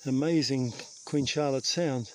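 A man's voice: medium pitch, unhurried. Chatty New Zealand man on a trail. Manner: chatty, self-mocking, sprinkles in mild swearing. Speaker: vlogger hiking a long trail. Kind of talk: casual hiking vlog talk. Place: outdoors on a bush trail. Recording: outdoor noise, insects behind.

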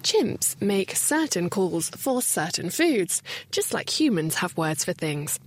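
Lively, slightly husky woman reporter. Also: lowish voice, slow pace. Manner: playful, lively narration. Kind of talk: scripted science report.

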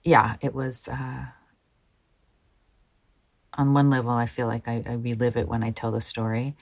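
A woman telling her own story in an interview, speaking softly and haltingly and often dropping to a hushed near-whisper. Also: very deep voice, level tone, gravelly, rough recording. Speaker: interview guest, model.

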